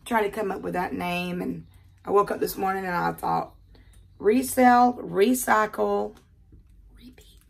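An older woman from the American South with a Southern accent, chatting casually and talking fast while she unboxes jewelry in her quiet bedroom. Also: lowish voice, flat delivery, vocal fry.

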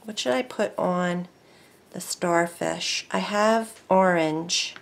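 Chatty excitable woman crafting. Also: fairly low pitch, takes it slowly, vocal fry, a little hiss or hum. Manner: chatty, excitable, talks to herself while working. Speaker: craft video host. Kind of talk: casual crafting tutorial.

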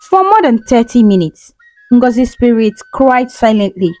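A woman's voice: a little high, big pitch swings, moderate pace, no echo, rough recording. A woman storyteller giving scripted, dramatic narration of a folktale. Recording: soft music behind.

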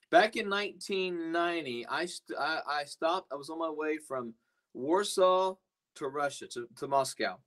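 A man's voice: a little high, animated, unhurried, fairly bright tone. A man preaching earnestly on a podcast, rambling at times with many restarts. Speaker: pastor. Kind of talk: podcast sermon talk.

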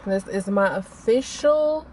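A woman's voice: medium pitch, takes it slowly. Chatty young woman vlogging in a noisy car. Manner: chatty, animated, talks to viewers as y'all. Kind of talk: casual food review vlog.

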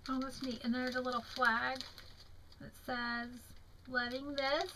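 Speaking with a flat delivery in a voice that sits high, a tired young woman from the American South shows off her craft mail at home. This crafting vlogger is chatty and admiring but slow and drawn-out, yawning as she goes, with background noise behind her.

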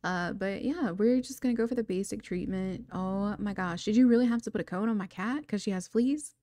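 A woman's voice: medium pitch, a little fast, dark tone, no room sound, clean studio sound. A young woman chatting casually as she plays a life-sim game, laughing often between remarks. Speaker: gaming video creator. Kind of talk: casual gameplay commentary.

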